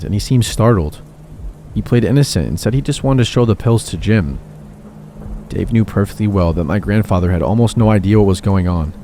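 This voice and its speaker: A man calmly telling horror stories in steady scripted narration. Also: fairly low pitch, a little hiss or hum. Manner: calm, steady storytelling. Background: faint background music.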